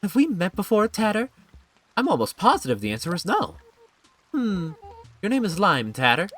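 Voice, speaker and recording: A man's voice: high-pitched, huge pitch swings, normal speed, a bit bright, soft background music, pitched above the performer's own voice, exaggerated voice. A man reading a snooty prim animal lady. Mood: haughty. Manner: reading lines aloud in a mild, slightly raised voice.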